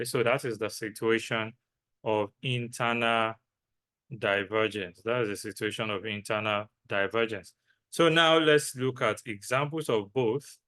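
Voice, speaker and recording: A trading instructor with a fairly low but bright-toned voice gives a lecture, repeating key phrases and posing questions he then answers himself.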